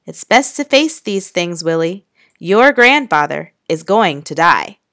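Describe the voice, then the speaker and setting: A woman reading aloud, voicing a blunt woman country doctor in a calm, matter-of-fact way. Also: fairly low pitch, measured pace, no room sound, clean studio sound, heavily acted. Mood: grave.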